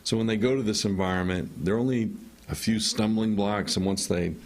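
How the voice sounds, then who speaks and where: A man's voice: on the low side, fairly quick. A man, a teacher and team coach, explaining at length as a radio interview guest.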